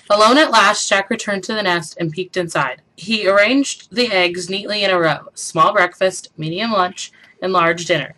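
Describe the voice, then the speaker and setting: Bright, animated woman reading a story. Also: on the low side, low-quality recording. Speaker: storybook reader. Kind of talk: reading a picture book aloud.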